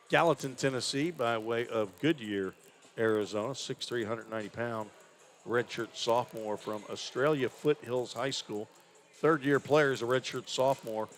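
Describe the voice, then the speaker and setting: A play-by-play announcer calls a live college basketball game conversationally, musing aloud about stats and names. His voice is medium-pitched with a fairly bright tone, and there's a little hiss or hum.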